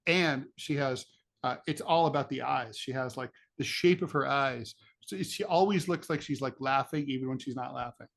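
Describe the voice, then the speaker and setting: A man's voice: mid-range voice, normal speed, vocal fry. A middle-aged man co-hosting a political podcast, telling rambling stories with jokey asides in casual chat. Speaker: podcast co-host, political cartoonist.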